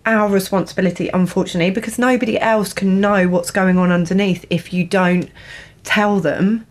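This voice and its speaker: A woman hosting a casual podcast conversation, animated and quick to laugh. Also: mid-range voice. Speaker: podcast host.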